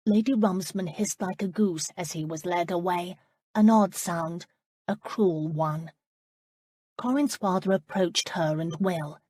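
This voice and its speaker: A woman narrating an audiobook in an even, measured reading. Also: fairly low pitch, husky, dry recording, studio quality. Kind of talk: scripted narration.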